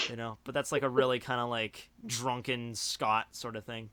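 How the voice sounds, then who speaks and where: A man's voice: medium pitch, fairly even intonation, a little fast, few pauses, sharp tone. A young man hosting a livestream, chatting casually and rambling with lots of filler words. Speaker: streamer host.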